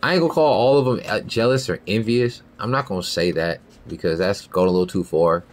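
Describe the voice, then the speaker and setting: A man's voice: on the low side, a little fast. A young man hosting a podcast in a rambling, profane casual monologue, often asking "you feel me". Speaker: podcast host.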